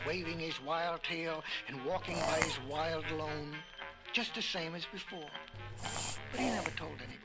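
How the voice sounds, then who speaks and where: A man narrating a children's story on an old record, in slow, lilting, drawn-out phrases. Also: a little high. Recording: crackly vinyl record under loud music.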